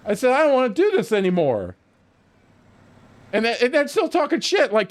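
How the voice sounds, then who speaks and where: A man's voice: extremely high pitch, fairly quick, long pauses. A man streaming a game, telling a long story casually with lots of swearing and acting out his own lines. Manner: profane, animated storytelling with frequent restarts. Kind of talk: casual storytelling while gaming.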